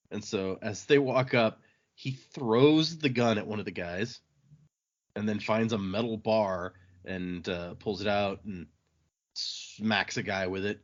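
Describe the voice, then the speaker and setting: Rambling podcast host recapping a book. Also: male voice, lowish voice, unhurried, highs cut off. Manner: rambling, with fillers and laughs, acting out quotes.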